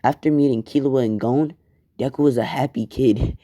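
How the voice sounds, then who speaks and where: A man's voice: medium pitch, normal speed, mellow, no room sound, studio quality. Laid-back, rambling male storyteller. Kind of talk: casual fan-fiction storytelling.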